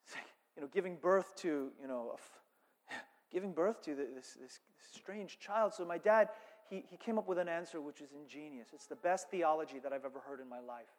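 A man's voice: on the high side, normal speed. A male pastor preaching a sermon with rising fervor and repeated phrases. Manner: impassioned, builds to loud preaching with repeated phrases. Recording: long reverb of a worship hall.

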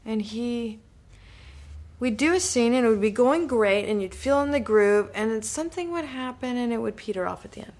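Gravelly-voiced woman actor telling stories. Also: on the high side, normal speed. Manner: animated, acts out remembered dialogue. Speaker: actor and director guest. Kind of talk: reflective conversational storytelling.

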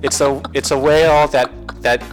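A man's voice: medium pitch, steady tone, normal speed, over music. A man co-hosting a podcast, talking casually as a rambling storyteller who laughs often and adds playful asides. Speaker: podcast co-host. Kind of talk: casual chat.

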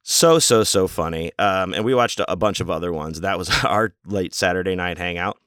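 A man's voice: deep voice, moderate pace, a bit bright, no room sound, clean studio sound. A man casually telling a rambling, amused story with lots of fillers and restarts.

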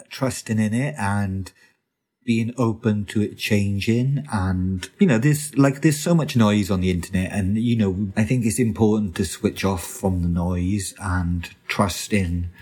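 A man's voice: fairly low pitch, darkish tone, husky. A man speaking as a photographer guest in an interview, enthusiastic and passionate, stumbling and restarting his sentences. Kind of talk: conversational interview.

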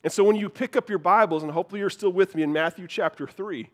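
A man preaching a sermon, telling a joke with animated storytelling and repeating key lines for emphasis. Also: high-pitched, quick pace. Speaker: pastor.

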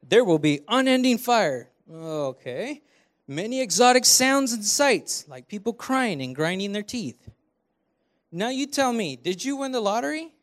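A young man preaching a conversational sermon from a church stage, talking to the crowd with lots of rhetorical questions. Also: sits high. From Canada. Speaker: preaching student.

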